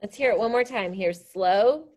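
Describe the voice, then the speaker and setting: A woman's voice: mid-range voice, normal speed, darkish tone, a little hiss or hum. A woman teacher leading a science lesson, explaining step by step in an upbeat, encouraging way. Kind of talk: classroom science demonstration.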